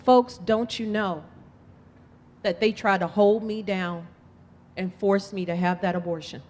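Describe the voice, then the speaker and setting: A woman's voice: mid-range voice, steady tone, unhurried, a little mellow. A woman political candidate giving an impassioned, emphatic campaign speech, telling her story. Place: event hall. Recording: long hall reverb.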